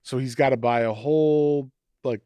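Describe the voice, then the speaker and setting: A man's voice: medium pitch, moderate pace. A man chats as a podcast co-host and walks through a comic's story. He acts out the characters' lines as he goes. His voice sits in a middle register and the sound is dry, with no room echo. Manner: animated storytelling, acting out quotes. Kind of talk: casual chat recapping a comic.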